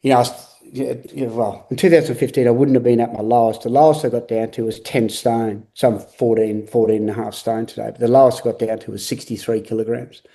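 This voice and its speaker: A middle-aged man gives a candid interview about his own life. His voice is mellow and dark, earnest and a little halting, with words often repeated. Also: mid-range voice, steady tone, gravelly. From Australia. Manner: earnest, repetitive, halting restarts. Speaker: guest.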